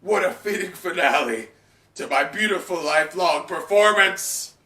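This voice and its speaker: A man's voice: sits high, moderate pace, sharp tone, distant mic, pitched above the performer's own voice. A man voicing a gloating, theatrical male impostor villain, in an echoey room away from the mic.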